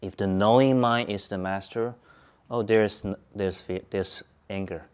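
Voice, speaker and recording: A man teaching Buddhism at a Zen centre, speaking calmly, repeating points and asking his listeners questions. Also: on the low side, unhurried, smooth. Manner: calm, repetitive, asks listeners questions. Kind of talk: Dharma talk to a group.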